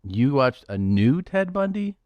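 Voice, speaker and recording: A man's voice: mid-range voice, sing-song, unhurried, no echo, highs cut off. A middle-aged man telling stories in casual podcast chat, laid-back and swearing freely. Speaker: podcast guest and comedian.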